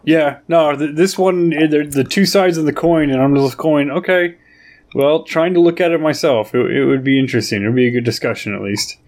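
A man's voice: a little high, steady tone, a little fast, a little mellow. A man co-hosting a podcast, talking bluntly and swearing freely in casual chat. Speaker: podcast co-host.

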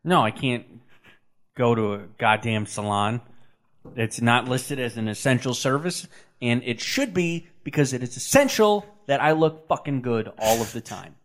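A man's voice: mid-range voice, normal speed. A man co-hosting a podcast, in casual chat with teasing, joking banter. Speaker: podcast co-host.

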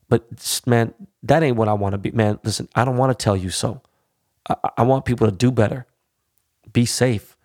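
A man speaks in a low, gravelly voice, heavy with vocal fry. The sound is dry and close, with no room around it. He rants bluntly to his listeners, swears freely and keeps checking in with "you know?" and "all right?". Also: a little mellow, no room sound. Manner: frequent tag questions like "all right?". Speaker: podcast host. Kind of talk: profane monologue.

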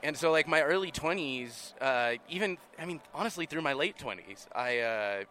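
A man's voice: fairly high pitch, animated, normal speed, pushed and bright. A man in his thirties hosting a casual interview, easygoing and often restarting his sentences. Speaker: podcast host.

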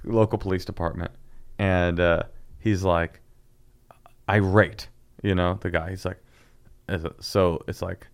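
A man, a former sign language interpreter, telling animated stories in casual chat and acting out voices. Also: low-pitched, a little slow, pauses often. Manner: animated storytelling, acts out voices.

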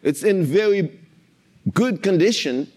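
Earnest man with a high-pitched voice. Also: animated, takes it slowly, darkish tone. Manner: emotional, earnest, repeats himself while retelling. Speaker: Christian literature publisher sharing a testimony. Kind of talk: personal faith testimony, storytelling. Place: in his warehouse.

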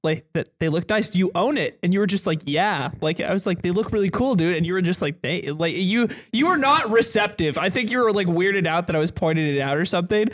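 A man's voice: high voice, expressive, fairly quick, few pauses. A man hosting a casual podcast, telling a rambling, self-mocking anecdote. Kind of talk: casual chat.

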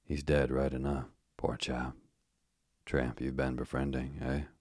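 A man reading the lines of a brisk, matter-of-fact male doctor in a clipped manner, as part of a calm sleep-story reading. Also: a bass voice, husky, no room sound, studio quality, full character voice.

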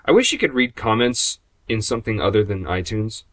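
A man's voice: on the low side, animated, fairly quick, a bit bright. A man hosting a casual gaming podcast, joking and poking fun at himself. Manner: self-deprecating, joking. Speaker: podcast host.

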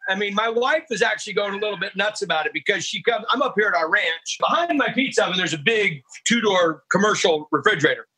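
A man with a very high, raspy and sharply bright voice. He is a guest chef chatting exuberantly over a remote call. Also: animated, poor audio. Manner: exuberant, rapid storytelling. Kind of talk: casual chat.

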